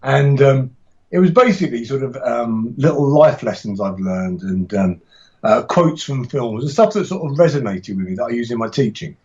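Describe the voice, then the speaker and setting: A man's voice: mid-range voice, lively intonation, normal speed, darkish tone, highs cut off. A man talking casually as a podcast guest about teaching martial arts, rambling and enthusiastic, with frequent restarts and laughs.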